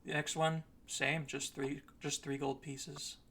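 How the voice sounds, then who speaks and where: A man narrating a tabletop game as dungeon master, describing rooms and calling for checks in a steady voice. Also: fairly high pitch, slow pace. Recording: noisy stream audio.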